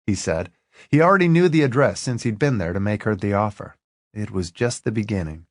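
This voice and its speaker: A man narrating an audiobook in an expressive, lively reading. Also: on the low side, a little fast, no echo, clean studio sound.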